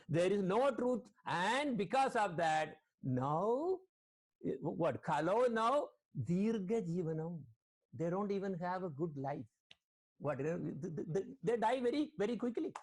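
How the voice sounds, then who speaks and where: Man, high voice, online sermon, spiritual teacher, quizzes listeners, video call mic. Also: big pitch swings, unhurried. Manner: questions the listeners, quotes Sanskrit verses.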